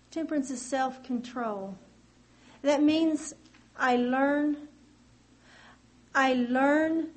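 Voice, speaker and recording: Lady preaching, pretty high voice, earnest, gets louder when she hits a point. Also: low-quality recording. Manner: earnest, rises in pitch and volume on key points. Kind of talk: sermon.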